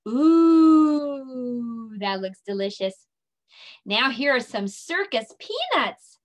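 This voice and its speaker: A woman leading a children's circle time lesson, speaking in a slow, sing-song, encouraging way and stretching her words out. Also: on the high side, very animated, pushed and bright. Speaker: preschool teacher.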